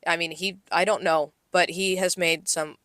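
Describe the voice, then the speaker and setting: A young woman with a bright, forceful voice tells a story from her restaurant shift in loose podcast chat. She leans on fillers and acts out quotes. The sound is close and dry, with no room around her. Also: lowish voice, steady tone, moderate pace, no echo. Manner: chatty, filler-heavy storytelling with acted-out quotes. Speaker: podcast co-host, restaurant server.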